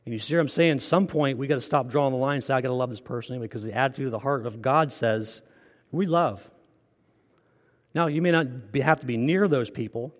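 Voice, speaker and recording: A man's voice: medium pitch, fast, few pauses. Man, pastor, earnest conversational sermon, mid-range voice, long church reverb. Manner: earnest, conversational preaching with direct questions.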